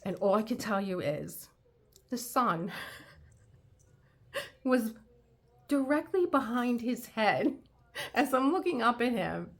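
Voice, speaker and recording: A woman's voice: on the high side, animated, takes it slowly, vocal fry, pauses often. A woman hosting a crafting channel, telling a long rambling anecdote in casual chat with many restarts. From United States.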